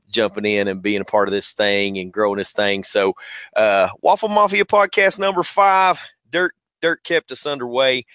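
A man's voice: lowish voice, clean tone, no echo. Laid-back Southern man on a headset mic. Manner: laid-back, slangy, shouting out chat names. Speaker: podcast host. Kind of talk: casual livestream podcast chat.

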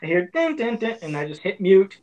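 A man's voice: sits high, big pitch swings, brisk, a little mellow. A man co-hosting a podcast, chatting casually and acting out his own reactions with swearing. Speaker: podcast co-host. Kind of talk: casual chat.

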